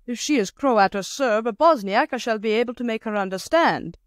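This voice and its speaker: A woman reader voices a timid, fussy gentleman on a stranded train in a storybook. He frets and exclaims, pitched a little above the narration. The recording is dry and close. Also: expressive, fairly quick, dry recording, lightly acted. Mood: anxious. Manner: anxious, exclaiming. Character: timid male traveler, anxious, fussy.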